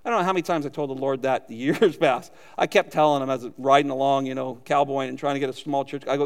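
A man's voice: mid-range voice, fairly even intonation, fast, hardly any pauses, long reverb tail. A man preaching a sermon as pastor, animatedly acting out quoted lines and chuckling often.

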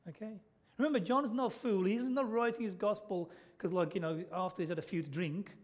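Speaking fairly quickly, a British man preaches to his congregation in a voice that sits high for a male speaker. His style is chatty, full of questions aimed at the listeners and frequent "okay?" check-ins.

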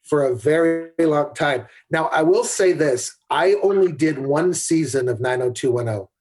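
A middle-aged man recounting behind-the-scenes stories in a relaxed, conversational way. His voice is husky and sits a bit high for a man. He often stumbles and restarts his sentences. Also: moderate pace. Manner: candid anecdotal storyteller with frequent restarts. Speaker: podcast guest, camera assistant. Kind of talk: conversational storytelling.

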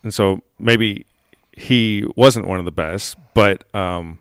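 Rambling low-voiced man, casual podcast chat. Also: slow pace, clear, resonant tone, dry recording. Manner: rambling, hesitant, many fillers and restarts, laughs often. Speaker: podcast co-host.

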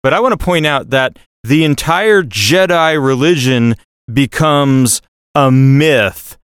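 Male podcast co-host, knowing and explanatory, smooth clear voice. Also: mid-range voice, expressive, slow, no echo, studio quality. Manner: knowledgeable, explains and corrects. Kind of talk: casual chat.

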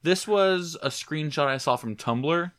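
A man's voice: a little high, unhurried, fairly bright tone. A man hosting a casual comedic chat, reading items out and riffing crudely with friends. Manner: reads out items and riffs crudely.

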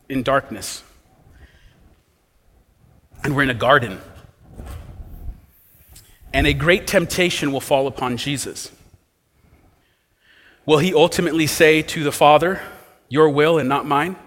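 A man's voice: on the high side, a little slow, long pauses, fairly bright tone. Man preaching in a reverberant hall. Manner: expository preaching with rhetorical questions. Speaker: pastor. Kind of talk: sermon.

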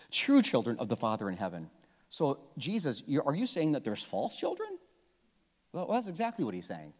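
A man preaching a sermon with passion, dropping from loud emphasis to hushed tones and often repeating his words. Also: on the high side, big-room sound. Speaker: pastor.

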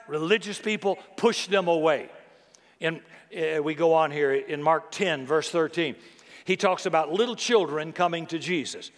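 A middle-aged man preaching a sermon in an animated, conversational way with touches of humor. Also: a little high. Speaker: pastor. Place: large church hall. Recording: long hall reverb.

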